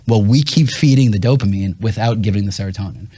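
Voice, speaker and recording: A man hosting a radio talk show, talking with fast, emphatic energy in a casual chat with his guest. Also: lowish voice, breathy edge, no echo. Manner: fast, emphatic, animated storytelling. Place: radio studio.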